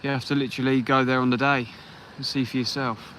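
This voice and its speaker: An easygoing English man runs a live fishing stream from the shore, greeting each viewer by name. His voice is bright and forceful, and he speaks into a phone outdoors at night. A faint background hum sits under him. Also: mid-range voice, flat delivery, fast talker, poor audio. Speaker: fishing livestream host. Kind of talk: casual live chat while fishing.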